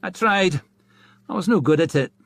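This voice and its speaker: A man's voice: high voice, expressive, moderate pace, a bit bright, dry recording, pitched above the performer's own voice. A man reading an audiobook, voicing a young soldier who speaks of war in a grave, self-serious way. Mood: weary. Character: world-weary young male soldier, self-important.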